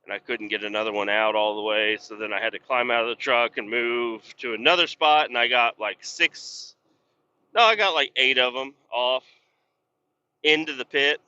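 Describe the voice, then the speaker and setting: A man's voice: mid-range voice, moderate pace, pushed and bright, clean tone. A man telling rambling, blunt stories full of swearing, ranting with exasperation as he drives a truck. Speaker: podcast host and truck driver. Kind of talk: rambling casual storytelling. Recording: dull lo-fi sound.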